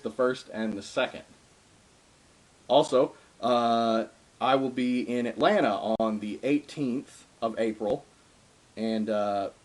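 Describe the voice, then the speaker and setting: A young man giving a casual darbuka lesson, talking informally with frequent ums and uhs and stopping to play between phrases. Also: mid-range voice. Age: young adult. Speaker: darbuka teacher. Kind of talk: casual spoken drum lesson. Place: home room with drum. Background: darbuka drumming between phrases.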